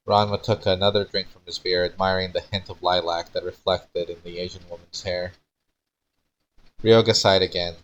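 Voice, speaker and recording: A man's voice: sits low, level tone, normal speed, rough recording. A man streaming as he reads his own old fan fiction aloud with theatrical flair and small stumbles. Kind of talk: dramatic reading aloud.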